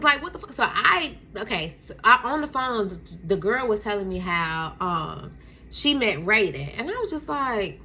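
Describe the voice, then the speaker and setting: A woman's voice: mid-range voice, a little hiss or hum. A young woman casually telling a storytime to her camera at home, acting out quotes and laughing often. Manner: animated, acts out quotes, laughs often, addresses viewers as y'all. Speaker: storytime vlogger. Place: home room with a Christmas tree.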